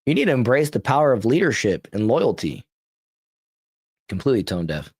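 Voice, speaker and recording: This American host's voice is medium-pitched, sing-song, husky and darkish, moving at a normal speed. He does casual political commentary on a livestream podcast, rambling bluntly and reading posts aloud with offhand asides, in a dry, clean studio recording.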